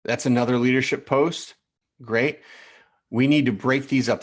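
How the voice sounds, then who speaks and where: A man coaching in a live training session, reviewing profiles aloud in an animated way, repeating himself and calling viewers by name. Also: medium pitch, normal speed.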